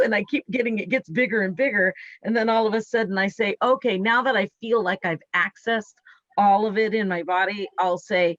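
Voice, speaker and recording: A woman's voice: medium pitch, moderate pace, dry recording, dull audio. A woman hosting a live talk show, earnest and explaining by acting out what she tells herself. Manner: earnest, explains by acting out her inner speech.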